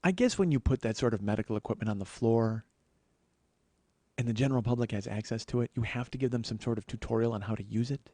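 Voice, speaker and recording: A man's voice: mid-range voice, quick pace, dark tone, dry recording. A man hosting a comedy podcast, telling a story as an exasperated, profane monologue. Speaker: podcast host.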